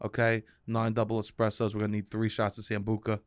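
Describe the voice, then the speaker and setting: Animated male podcast co-host, dry mic. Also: fast, smooth, no echo. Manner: animated storyteller, gets loud and high when acting out his mother. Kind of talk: casual comedic chat.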